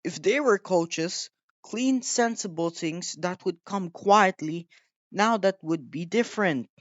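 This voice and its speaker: A man's voice: sits high, takes it slowly, dry recording, muffled recording, pitched above the performer's own voice. A man doing proud grumbling big engine Gordon. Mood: sulky. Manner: pompous, complaining, chants in puffs.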